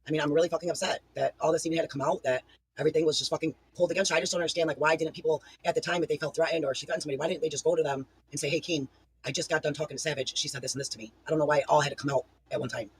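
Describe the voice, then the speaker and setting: Very fast, heated, profane woman co-host. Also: low-pitched, fairly even intonation, a little hiss or hum, rough recording. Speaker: livestream co-host. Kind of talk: livestream commentary.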